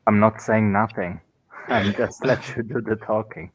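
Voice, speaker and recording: A man's voice: on the low side, fairly even intonation, a little slow, husky. A man chatting easily as a player in a tabletop game. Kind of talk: casual chat.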